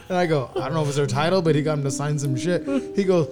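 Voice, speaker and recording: High-voiced man telling a rowdy story. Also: lively intonation, fast talker, music in the background. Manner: profane, laughing, acts out quotes. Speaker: podcast co-host. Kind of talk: casual storytelling chat.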